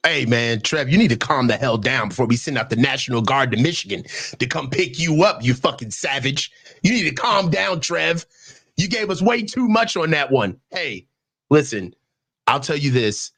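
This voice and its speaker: A man hosting a sports call-in show, teasing callers with loud, profane hype talk. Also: mid-range voice, lively intonation, normal speed. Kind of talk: casual call-in banter.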